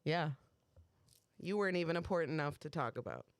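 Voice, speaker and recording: A woman co-hosting a comedy podcast, telling stories in casual chat with animated delivery. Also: low-pitched, a little fast, no echo. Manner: animated storytelling, frequent laughter. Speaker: podcast co-host.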